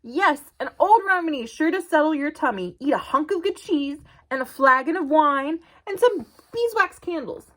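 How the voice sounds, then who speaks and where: A grand, self-satisfied duck from a picture book, put on by a woman reading aloud. The voice sits high and swoops widely, and every line sounds sure of itself. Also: animated, moderate pace, few pauses, a bit bright. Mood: smug. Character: calm, smug male duck living in a wolf.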